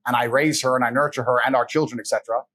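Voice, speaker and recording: Speaking rapid-fire in a husky, fairly bright mid-range voice with fairly even intonation, an English man being interviewed as a guest spins blunt, profane, casual stories. He acts out the people he quotes along the way.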